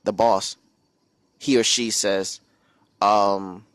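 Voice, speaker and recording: A low-pitched man from the United States talks with force and feeling, hammering his points by repeating phrases and asking rhetorical questions. The sound is dry and close, with no room around it. He speaks to his listeners without a script. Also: flat delivery, extremely slow, fairly bright tone, no echo. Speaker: speaker on a religious channel. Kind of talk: impassioned spoken commentary.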